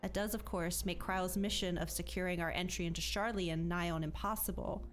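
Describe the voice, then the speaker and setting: A woman reading a formal, measured game character's dialogue aloud in deliberate phrasing. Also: lowish voice, steady tone, soft background music, voice pushed down, lightly acted.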